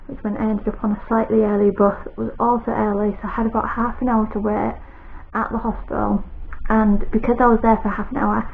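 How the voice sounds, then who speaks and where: A British woman chats to camera in a rambling, anxious way, her voice gravelly with vocal fry. The recording sounds thin and phone-like, with a faint hiss underneath. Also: medium pitch, little pitch movement, a little fast. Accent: British English. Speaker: vlogger. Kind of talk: casual chat to camera.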